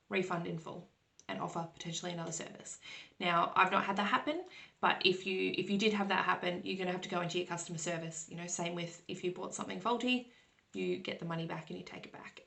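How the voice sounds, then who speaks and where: A woman's voice: lowish voice, vocal fry, fairly bright tone. A woman who reads tarot hosts a casual question-and-answer episode, explaining in a reassuring way and often checking in with listeners. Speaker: tarot reader and podcast host.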